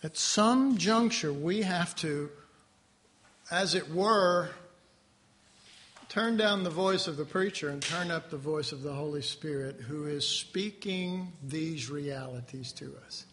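A man teaching a Bible class in a conversational, animated sermon style, with asides to his listeners. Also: on the high side, slow, slight background noise.

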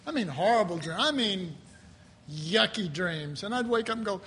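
High, bright-voiced man preaching. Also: normal speed. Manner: earnest, animated, frequently clears throat. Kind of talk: conversational Bible teaching.

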